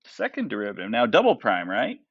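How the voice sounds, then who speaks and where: A man's voice: mid-range voice, huge pitch swings, brisk, a bit bright, slightly rough, lo-fi sound. A man teaching a math class, who keeps asking his students questions and tags his points with "right?" and "okay?". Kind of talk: classroom lecture.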